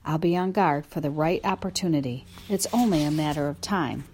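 A woman's voice: sits low, a little fast, a little hiss or hum. A woman narrating a children's story in a first-person voice, telling it expressively. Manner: expressive, lively storytelling from a dog's view. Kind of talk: audiobook narration.

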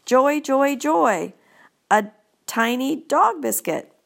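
A woman putting on a jolly male school janitor, booming and cheerful, pitched well above her own low voice and thrown out loudly. He sounds friendly and full of pep in a storybook reading. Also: lively intonation, slow pace, gravelly, full character voice. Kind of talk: audiobook character voice.

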